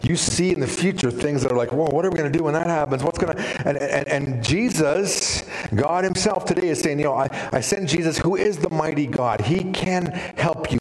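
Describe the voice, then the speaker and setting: A man preaching a sermon as pastor, animated and storytelling, with sudden drops to a hushed voice. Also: medium pitch. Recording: reverberant hall.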